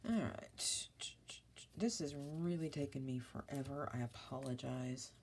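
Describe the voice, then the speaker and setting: Low-voiced, rambling woman. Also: normal speed, noisy background. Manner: rambling, apologetic, self-mocking asides. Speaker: papercraft vlogger. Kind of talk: casual crafting vlog chat.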